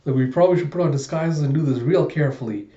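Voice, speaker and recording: A man's voice: fairly high pitch, fast talker, mellow, highs cut off, close to an everyday voice. Brief: man playing a blustery scruffy sidekick, echoey room. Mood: wry. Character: scruffy gruff male informant.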